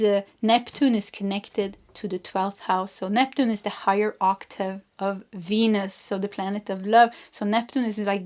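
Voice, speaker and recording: A woman giving an intuitive tarot reading, talking gently with frequent restarts, laughs and searching for words. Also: mid-range voice. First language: Swedish. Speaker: tarot reader.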